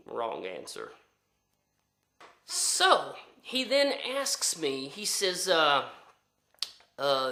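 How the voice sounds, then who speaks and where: A man's voice: medium pitch, huge pitch swings, extremely slow, pauses often, pushed and bright, echoey room. A man telling a story in a casual, rambling way, full of fillers and restarts. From United States. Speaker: storyteller vlogger.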